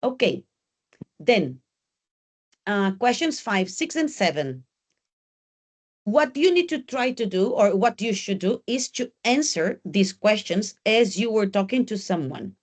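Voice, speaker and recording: A woman's voice: mid-range voice, sing-song, unhurried. Woman English teacher in a classroom; direct, coaching delivery that drills key points. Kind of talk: exam preparation class.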